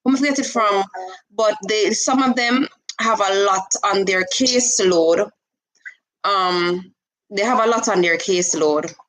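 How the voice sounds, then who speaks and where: A woman hosting a live stream, giving animated, coaxing advice and slipping into patois. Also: mid-range voice, a little slow, rough recording. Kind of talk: casual live-stream chat.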